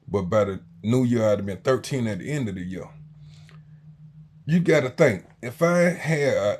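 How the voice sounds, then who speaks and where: A man, telling a story in slangy casual talk that swings between loud and quiet. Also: mid-range voice. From Jacksonville, Florida, US. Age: 40s.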